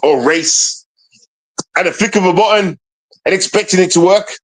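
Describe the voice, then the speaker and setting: A man's voice: sits high, normal speed. A man streaming a ranting monologue, repeating himself and firing taunting rhetorical questions at an absent woman.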